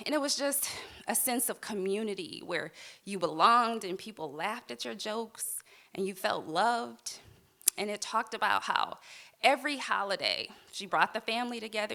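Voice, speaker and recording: A woman's voice: mid-range voice, bright, forceful tone. A woman telling a personal story on a live stage, heartfelt and candid with touches of wry humor.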